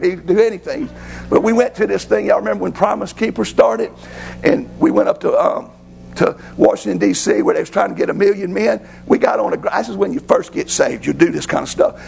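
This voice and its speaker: A man, a pastor preaching a sermon through folksy, excitable personal stories. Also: high voice, gravelly, a little hiss or hum, rough recording. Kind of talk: sermon storytelling.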